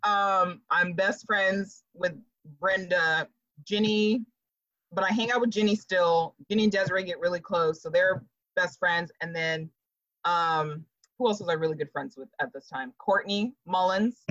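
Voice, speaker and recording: This podcast guest, a woman in her thirties, chats casually and tells animated stories punctuated by frequent laughter. Her lowish voice keeps a measured pace on a dry, dull-sounding recording.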